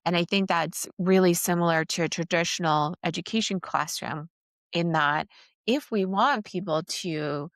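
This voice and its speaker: A woman's voice: fairly low pitch, normal speed, a bit bright, dry recording, clean studio sound. A woman hosting an education podcast, asking questions and summing up the guest's points. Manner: reflective, sums up the guest's points. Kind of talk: casual interview talk.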